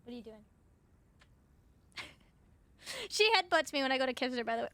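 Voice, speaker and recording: A woman's voice: sits high, expressive, normal speed, fairly bright tone, no room sound. A young woman streaming live, chatting casually with viewers and cooing baby talk at her cat.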